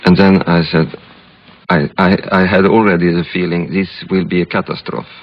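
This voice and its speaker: A man from Sweden, a film director being interviewed, speaking English with a Swedish accent and pausing often to find his words. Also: low-pitched, little pitch movement. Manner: halting, searching for English words. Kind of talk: reflective interview storytelling. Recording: dull lo-fi archival recording.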